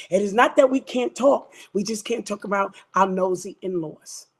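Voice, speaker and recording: A woman's voice: mid-range voice, normal speed, few pauses, slightly rough. Exhorting woman pastor with drawl. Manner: exhorting, repetitive, rhythmic declarations. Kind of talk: preaching talk and prayer.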